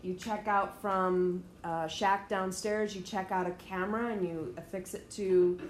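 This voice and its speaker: A woman's voice: mid-range voice, steady tone, measured pace, a little hiss or hum. A woman teacher giving a direct, emphatic classroom lecture, explaining things to her students step by step. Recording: echoey room, faint ambience.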